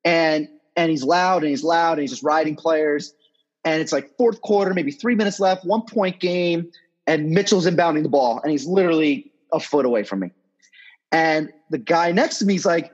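A man's voice: a little high, moderate pace, dull audio. A man in his thirties, a sports agent, telling stories in a casual, rambling way with some swearing, as a podcast guest. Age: 30s. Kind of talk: podcast interview storytelling.

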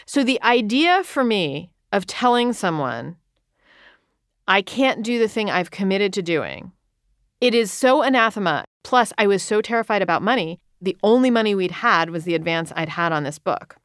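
A woman in her thirties, an author, talking candidly in an interview, earnest and quick with frequent restarts. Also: medium pitch, animated, smooth, dry recording, clean studio sound. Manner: earnest, rushed, many restarts and quoted self-talk.

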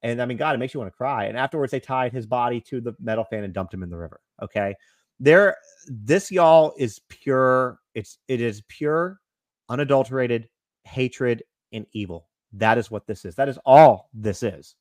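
Male co-host, earnest and steady, dry close mic. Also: mid-range voice, a little fast, no echo. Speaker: podcast co-host. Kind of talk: casual discussion.

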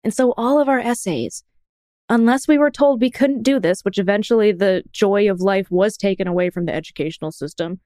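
A young woman co-hosts a podcast in relaxed, casual chat, full of teasing jokes. The sound is dry and close, with no room around it, and her pitch sits mid-range. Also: brisk, no echo. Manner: playful, teasing banter. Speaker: podcast co-host.

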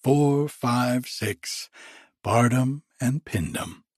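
A man narrating a classic story with slow, measured delivery. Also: mid-range voice, no room sound, clean studio sound. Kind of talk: storybook reading.

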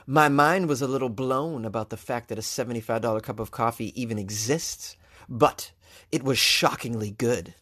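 A man's voice: mid-range voice, moderate pace, a bit bright, close to an everyday voice. A man voicing a young woman coffee fan in a mock-earnest tone.

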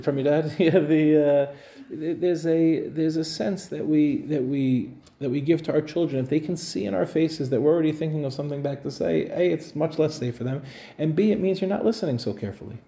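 A man's voice: fairly high pitch, vocal fry, mellow. A middle-aged man, a rabbi, giving a conversational talk to parents at home, often checking in with his listeners. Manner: conversational, asks the audience "right?". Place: living room of a home.

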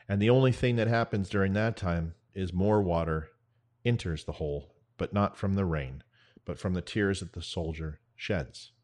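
A man hosting his own show, telling a spoken parable in an earnest, measured way with dramatic pauses. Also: low voice, darkish tone. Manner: veteran advocate. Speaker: show host. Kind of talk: spoken parable, storytelling monologue.

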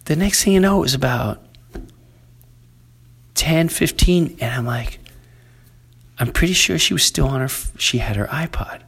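A man's voice: on the high side, measured pace, vocal fry, long pauses. Middle-aged man telling a rambling family story. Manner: rambling, animated storyteller who acts out quoted family members. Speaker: podcast host. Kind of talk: casual storytelling chat.

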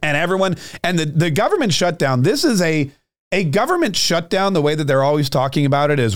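Ranting sarcastic man, fairly high voice. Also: sing-song, brisk, no room sound, clean studio sound. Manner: ranting, sarcastic, repeats words. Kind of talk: political commentary monologue.

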